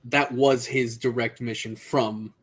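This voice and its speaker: A man's voice: medium pitch, steady tone, unhurried. Hesitant man playing his tabletop character. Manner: hesitant, many fillers and restarts. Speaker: player. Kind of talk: in-character role-play in a tabletop game.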